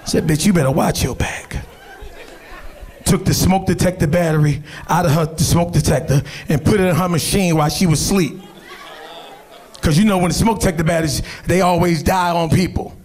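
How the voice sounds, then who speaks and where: A man from doing brash, profane stand-up, telling animated stories on a comedy stage. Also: fairly high pitch, a little fast, some chatter behind. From Philadelphia.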